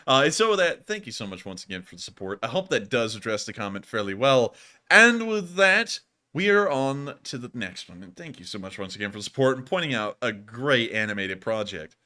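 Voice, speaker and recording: A man hosting a casual live stream, animated and quick to laugh. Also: lowish voice. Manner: animated, laughs often, says y'all. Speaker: host.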